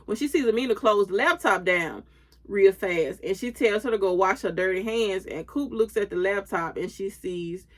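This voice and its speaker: A woman's voice: mid-range voice, normal speed. A woman speaking in gives a loose, chatty recap of a TV episode. She strings the scenes together with "and he said" and "she was like," quoting the characters' lines as she goes. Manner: loose retelling with many "and he said" links and quoted lines. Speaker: recap host.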